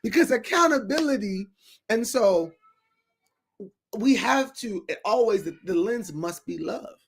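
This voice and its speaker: A man's voice: high-pitched, lively intonation, a little slow, creaky, breathy edge. A man, a guest on a talk show, speaking in an emphatic, preachy way about faith and everyday life. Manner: preachy and emphatic, acts out quoted voices.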